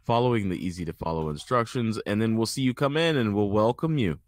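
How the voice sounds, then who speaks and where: A man's voice: lowish voice, quick pace. A man co-hosting a podcast, reading out the call-in details in a dry, wry way. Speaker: podcast host. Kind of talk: casual chat.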